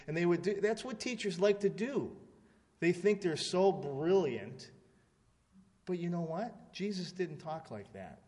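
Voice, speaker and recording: A male preacher with a slightly high voice gives a casual Bible lesson, checking in with his listeners and acting out quoted lines. His voice rings with a long reverb in a large hall. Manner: conversational, asks the audience "right?" often; animated, mimics voices when quoting. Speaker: Bible teacher. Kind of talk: informal sermon.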